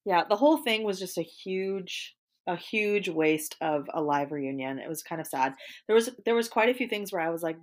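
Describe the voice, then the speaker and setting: A woman's voice: fairly low pitch, expressive, normal speed. A woman co-hosting a casual chat show, gossiping bluntly and acting out quotes as she talks. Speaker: podcast co-host.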